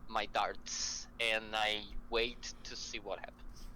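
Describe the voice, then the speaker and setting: Bright-toned man playing a tabletop game. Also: fairly low pitch, flat delivery, a little hiss or hum, rough recording. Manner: measured, describes actions step by step. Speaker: player. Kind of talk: tabletop role-play.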